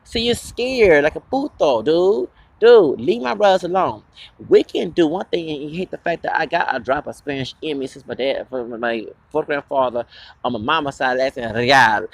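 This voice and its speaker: Gravelly man ranting on his channel. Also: medium pitch. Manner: confrontational, profane, rambling. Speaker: channel host. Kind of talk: angry ranting vlog.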